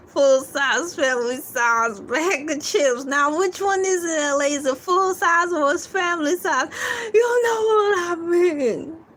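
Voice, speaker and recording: Giggly woman chatting on her livestream, high voice, takes it slow. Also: fairly bright tone, a little hiss or hum. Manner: giggly and playful, laughing often between lines; chatty, reads viewer comments aloud. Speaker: livestream host. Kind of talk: casual livestream chat.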